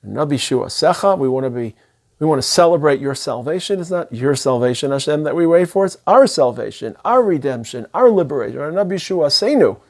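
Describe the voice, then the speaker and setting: A man's voice: a little high, lively intonation, a little fast, darkish tone. A middle-aged man, a rabbi giving an earnest, emphatic sermon sprinkled with Hebrew and Yiddish terms.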